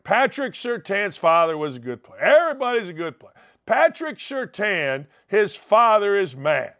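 Brash high-voiced man ranting about sports. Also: fairly bright tone. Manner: brash, sarcastic rants with big pitch swings. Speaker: sports talk show host. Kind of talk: opinionated sports monologue.

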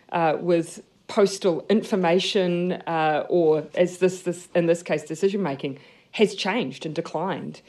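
A woman politician answering press questions, measured and restarting mid-sentence. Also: medium pitch, mellow.

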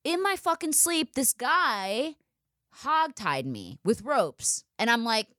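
Animated, foul-mouthed young woman storyteller. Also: a little high, slow pace, no echo, studio quality. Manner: animated, profane storytelling with exaggerated quoted voices. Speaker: podcast host. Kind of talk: casual storytelling chat.

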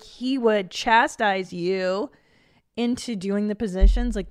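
Forties woman podcaster, swears a lot, blunt and lively, dry close sound. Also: medium pitch, dry recording. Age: 40s. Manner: profane, blunt and animated. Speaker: podcast host. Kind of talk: casual chat.

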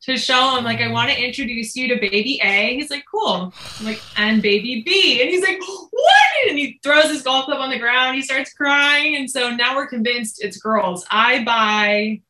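A woman telling a family story in a relaxed conversation, slipping into the voices of the people in it. Her voice is bright and forceful and sits a little high. The room around her is echoey. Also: normal speed, hardly any pauses. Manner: animated, quotes herself and others. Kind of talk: casual storytelling chat.

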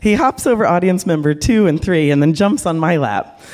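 Frank, animated woman telling a live story, swooping expressive delivery. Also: on the low side, moderate pace. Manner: frank, animated, acts out voices. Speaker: porn director.

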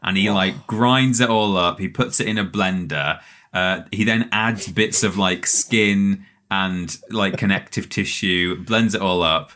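Deep-voiced man telling anecdotes. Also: a little slow, bright, forceful tone. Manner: tells long anecdotes with laughing asides. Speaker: podcast co-host. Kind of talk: casual podcast banter.

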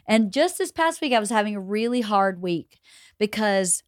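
A woman from Georgia with a Southern Appalachian accent, hosting a casual podcast chat and talking loudly and emphatically. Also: medium pitch, normal speed, dry recording, studio quality. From Georgia, USA. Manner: loud, emphatic, gets louder when excited. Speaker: podcast host.

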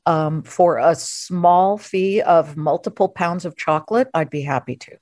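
A woman hosting a podcast, chatting playfully and firing off quick questions in a casual interview. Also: on the low side, no echo, studio quality. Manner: lively, playful, asks rapid questions. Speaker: podcast host.

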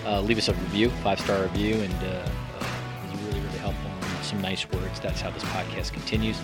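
A man's voice: low voice, little pitch movement, brisk, over loud music. A man hosting a podcast in casual chat, joking and self-deprecating with frequent restarts. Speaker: podcast host.

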